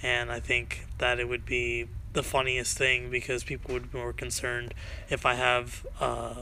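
A man hosting a podcast, chatting casually and haltingly with many ums and uhs. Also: medium pitch, completely flat delivery, sharp tone, slight background noise, poor audio. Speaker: podcast host. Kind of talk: casual chat.

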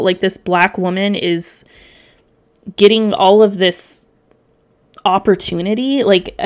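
A woman's voice: medium pitch, slow pace, pauses often. A young woman hosting a solo podcast, rambling and emotional, tearful at times, swearing casually and filling gaps with ums. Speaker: podcast host.

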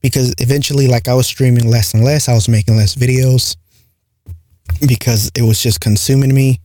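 A man with a light accent talks through a casual solo podcast, his voice mellow and dark. He rambles and leans on fillers, recorded close and dry in a small home room with no echo. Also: mid-range voice, fairly even intonation, normal speed. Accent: light non-native English accent. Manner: rambling, frequent "like" and "right?" fillers. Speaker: podcast host. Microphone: close studio mic with compressor.

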